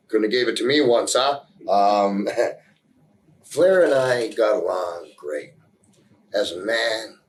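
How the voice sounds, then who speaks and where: A pro wrestler in a casual interview, speaking in a wry, joking way. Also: male voice, sits low, rough recording.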